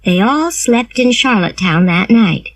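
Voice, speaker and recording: Slow, lively woman reading a storybook. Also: a little high, no room sound, low-quality recording. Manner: slow, clear, expressive storytelling. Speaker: reader. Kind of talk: graded reader narration.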